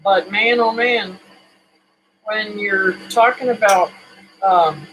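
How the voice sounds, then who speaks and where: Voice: mid-range voice, takes it slowly, a bit bright, faint music behind, low-quality recording. A homesteading vlogger chatting casually to camera in a home kitchen, folksy and rambling, with many fillers.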